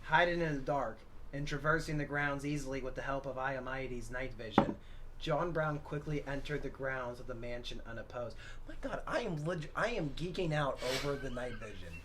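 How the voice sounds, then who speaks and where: A man's voice: mid-range voice, moderate pace, noisy background. A young man cohosting casually, joking and rambling, a bit tipsy from drinking. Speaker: podcast co-host. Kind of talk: casual banter and reading.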